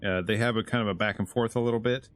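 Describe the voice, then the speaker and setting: A man hosting a casual comic book review, retelling the story in an animated way and chuckling as he goes. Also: lowish voice, quick pace. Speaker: host.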